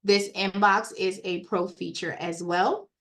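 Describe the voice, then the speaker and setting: A woman giving a casual, chatty walkthrough of credit repair software on a screen share, talking straight to her viewers. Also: mid-range voice, fairly even intonation, a little slow. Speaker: software trainer.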